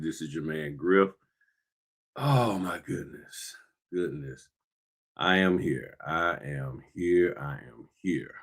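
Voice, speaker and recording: A man hosting a casual livestream about the notary business, slightly winded, greeting viewers by name while he works on paperwork. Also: rumbling low. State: a little winded.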